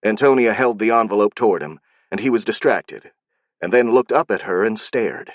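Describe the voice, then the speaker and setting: A man reading an audiobook in a steady, even scripted narration. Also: fairly low pitch, normal speed, dry recording.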